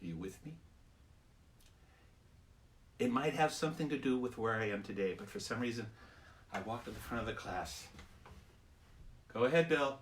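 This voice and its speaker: A man telling a story to children, talking to the listener in a confiding hush. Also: on the low side, moderate pace, long pauses, a little hiss or hum. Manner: conspiratorial, drops to a hush. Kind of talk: oral storytelling.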